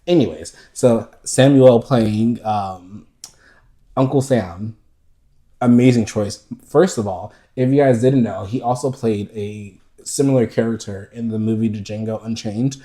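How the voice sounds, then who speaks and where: A man from the United States co-hosting a podcast, telling stories in a lively, profane, laughing way. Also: fairly low pitch, measured pace. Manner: animated, profane, laughing storyteller. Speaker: podcast co-host. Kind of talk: casual chat.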